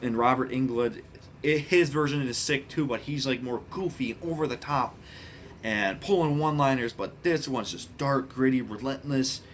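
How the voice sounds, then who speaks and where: A man casually ranking horror films, speaking bluntly, swearing often and getting excited about what he likes. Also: mid-range voice, moderate pace, a little hiss or hum. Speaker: movie reviewer. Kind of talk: casual film ranking monologue.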